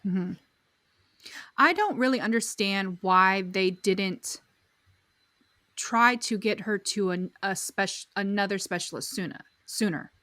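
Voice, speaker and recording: A woman's voice: mid-range voice, slow pace, sharp tone, no echo, clean studio sound. A woman co-hosting a podcast, earnestly recapping a documentary and reading quotes aloud in a casual way. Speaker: podcast co-host.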